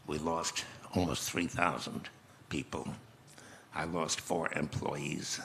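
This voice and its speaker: Gravelly deep-voiced man in his eighties. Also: level tone, a bit bright, a little hiss or hum. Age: 80s. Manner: slow reflective storytelling with restarts. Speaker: guest speaker. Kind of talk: conference stage interview.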